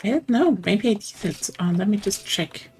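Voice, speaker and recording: A woman in a mid-pitched voice chats casually as a co-player on a game stream. She teases and jokes with her friend in a playful way. Soft game music runs in the background. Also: lively intonation, moderate pace. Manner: playful, teasing. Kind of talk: casual gaming chat.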